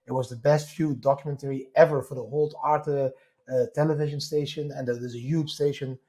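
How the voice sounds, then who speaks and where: A man with a Dutch accent, a guest in an interview, telling his story in an animated way with many quick restarts. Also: medium pitch. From Netherlands.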